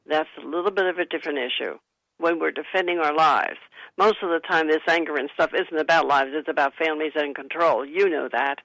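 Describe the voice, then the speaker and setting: A woman author and psychic, a guest on a radio talk show, calmly giving advice and suggesting what to say. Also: low voice, fairly quick, dry recording, low-quality recording. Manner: calm, counseling, gives sample phrases to say.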